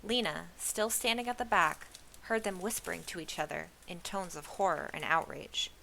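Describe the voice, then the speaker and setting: A woman reading a children's novel aloud in an expressive storybook style. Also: fairly low pitch, moderate pace, creaky, slight background noise. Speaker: reader of a children's book.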